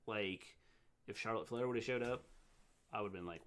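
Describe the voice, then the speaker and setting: A middle-aged man co-hosting a casual livestream recap, thinking aloud in halting, restarted sentences. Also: lowish voice, fairly bright tone. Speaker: co-host, wrestling recap.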